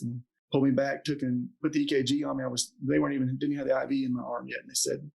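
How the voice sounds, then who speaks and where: A man's voice: mid-range voice, little pitch movement, fast talker, vocal fry, few pauses, darkish tone, husky, low-quality recording. A man in his forties, a doctor telling a story in an interview and acting out the quotes with animation. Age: 40s. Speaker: podcast guest, doctor.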